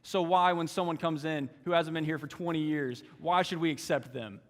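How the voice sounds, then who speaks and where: A man's voice: fairly high pitch, fairly even intonation, moderate pace, natural voice. A man voicing a resentful older brother who complains that it is not fair, in a hall with a long echo. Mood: resentful, aggrieved. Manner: pleading, aggrieved complaints. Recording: long church hall reverb.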